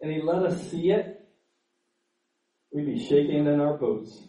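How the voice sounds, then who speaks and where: This pastor's voice runs a little high and warm, and he preaches a bit slowly. His earnest sermon stumbles on repeated words before swelling with fervor, captured by a distant mic in an echoey space.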